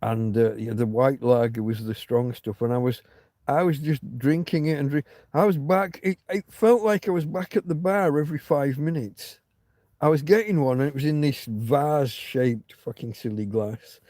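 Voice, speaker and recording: A man's voice: mid-range voice, normal speed, warm tone, no room sound, studio quality. Chatty man rambling on a livestream. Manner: chatty, self-interrupting, swears casually. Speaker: livestream host. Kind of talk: rambling casual chat.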